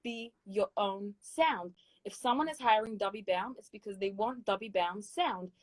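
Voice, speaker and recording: A woman's voice: medium pitch, normal speed, no room sound, rough recording. A woman with a British accent, a guest singer giving emphatic, encouraging advice in a casual chat interview. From Britain.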